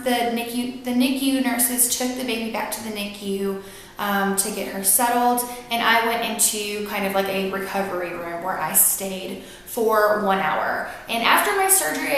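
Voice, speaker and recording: A woman's voice: on the high side, slight background noise. Young woman vlogger in a very echoey room. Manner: emotional, earnest, rambling with fillers. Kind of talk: personal storytelling to camera.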